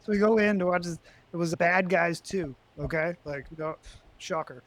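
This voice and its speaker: A man with a high voice spins casual podcast stories. He talks loosely, with plenty of slang, and jumps up in pitch and volume when he acts out a showdown. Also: brisk. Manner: animated storyteller, loud and high when retelling confrontations. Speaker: podcast co-host. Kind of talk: casual podcast banter and storytelling.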